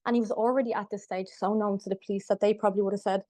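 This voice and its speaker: A young woman telling a personal story as a podcast guest, halting and full of fillers and restarts. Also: medium pitch, fairly even intonation, dark tone, no echo. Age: young adult.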